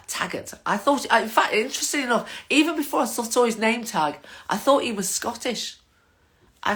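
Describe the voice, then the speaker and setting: A woman's voice: medium pitch, fairly bright tone. An older woman, chatting casually to her viewers in a rambling, waffling monologue as the host of her own vlog.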